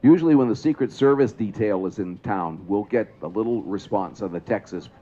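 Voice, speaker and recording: A man's voice: fairly low pitch, a little fast, warm tone, highs cut off, a little hiss or hum. A man announcing a trolley parade to a crowd outdoors, explaining things and asking the audience questions. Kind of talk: public address commentary to a crowd. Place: outdoors at a trolley museum event.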